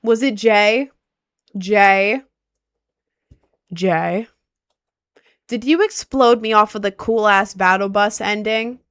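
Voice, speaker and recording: A woman streaming live gameplay who comments excitedly and keeps repeating her exclamations. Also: medium pitch, takes it slowly, pauses often, clean tone, no echo, studio quality.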